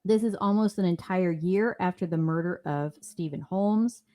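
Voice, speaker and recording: A woman's voice: on the low side, normal speed, dark tone. A woman in her fifties co-hosting a casual true-crime podcast, joking around between the facts. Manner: joking, slips into silly put-on voices. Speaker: podcast co-host.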